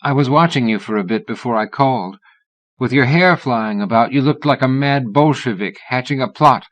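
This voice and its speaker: A male audiobook narrator voicing a witty, playful woman in her thirties, with a teasing, lively delivery. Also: medium pitch, moderate pace, voice pushed up, lightly acted.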